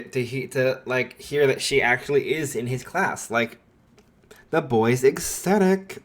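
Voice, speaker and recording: A man's voice: medium pitch, a little slow. A man narrating a fan story in a rambling, casual way, full of filler likes.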